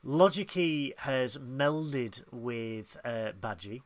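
A chatty man co-hosting a review podcast at a middling pitch. He recaps the story and slips into characters' lines as he goes. The sound is close and dry. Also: expressive, no room sound. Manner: chatty, acts out characters' lines in quick asides. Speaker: podcast co-host. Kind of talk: casual review chat.

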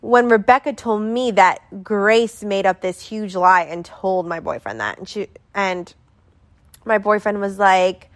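A woman's voice: mid-range voice, slow. A young adult woman telling a story in casual chat, rambling and filling it with constant "like". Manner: rambling, filler-heavy with constant "like".

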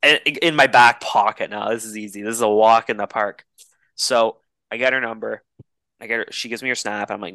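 A man's voice: on the low side, steady tone, moderate pace, sharp tone, clean tone, dry recording. A man in his twenties, a podcast co-host, telling a rambling, profane dating story in casual chat. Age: 20s.

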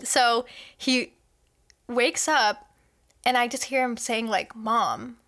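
A young woman co-hosting a podcast in casual chat, telling a story in an animated way and dropping to a whisper for quoted lines. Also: fairly high pitch, takes it slowly. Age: young adult. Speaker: podcast co-host.

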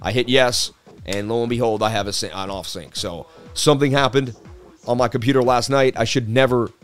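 A man's voice: medium pitch, steady tone, brisk, clear, resonant tone, faint music behind. Chatty man hosting a crypto stream. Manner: chatty, sports-presenter delivery. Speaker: crypto live-stream host. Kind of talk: casual live-stream market analysis. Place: traveling.

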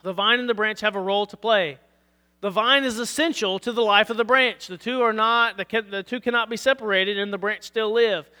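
A man preaching a sermon as pastor, reading scripture aloud and checking in with his listeners, his voice going hoarse. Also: high-pitched, bright, forceful tone, in a large hall. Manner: earnest preaching, reads scripture aloud, asks "All right?". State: losing his voice.

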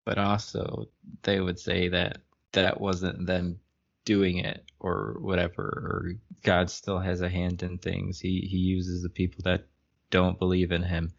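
A man with a very low, gravelly voice co-hosts a casual podcast, reading passages aloud and breaking off to poke fun at them. The recording sounds a little muffled and lo-fi. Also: completely flat delivery, measured pace. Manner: wry, laughs at the text. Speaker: podcast co-host.

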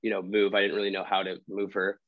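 A man's voice: low-pitched, completely flat delivery, fast, dry recording. Hesitant man on a dull dry recording. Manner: hesitant, full of fillers and restarts. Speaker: trainer. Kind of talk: casual conversation.

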